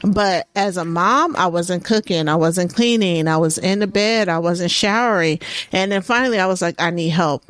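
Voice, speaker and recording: A woman's voice: fairly low pitch, normal speed, fairly bright tone. Woman host, middle-aged, earnest personal storytelling, casual chat.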